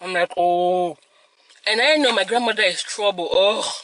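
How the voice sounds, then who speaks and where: A young woman hosts a mukbang, telling a story in a lively, laughing way and dropping in Yoruba phrases. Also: mid-range voice, fairly quick, a little hiss or hum, rough recording. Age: young adult. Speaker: mukbang host. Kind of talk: casual storytelling while eating.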